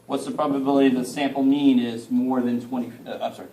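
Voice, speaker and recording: A math instructor with a mid-range, dark, steady voice talks fast in a casual college lecture, picked up by a distant mic in an echoey room with slight background noise. He keeps things loose and jokey, swears mildly and often asks students to help him.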